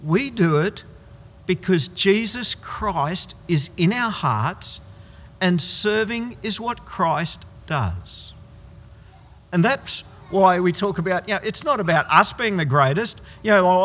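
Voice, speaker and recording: A man preaching a sermon as pastor, emphatic and slowing down hard on key words, in a church hall. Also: high voice, a bit bright.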